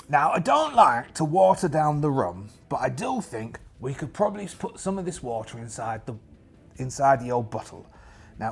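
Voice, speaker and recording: A man rambles through a solo tabletop game in a put-on pirate accent, cracking jokes as he goes. His voice sits a little high and swings widely in pitch. It has a gravelly, husky grain. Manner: playful, rambling pirate talk with jokes and asides.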